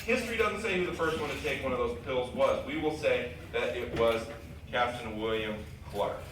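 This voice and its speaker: A man telling a jokey, animated story to a school audience, acting out characters. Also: mid-range voice, normal speed. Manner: playful, jokey, acts out characters with sudden shifts. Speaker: visiting author telling a story to students. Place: school auditorium. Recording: echoey hall, distant, noisy crowd. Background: loud laughing crowd of children.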